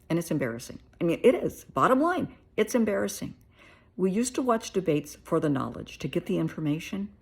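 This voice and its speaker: A woman's voice: fairly low pitch, very animated, fairly quick, gravelly, husky. A middle-aged American woman therapist giving her blunt, plain-spoken opinions in a casual monologue. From United States.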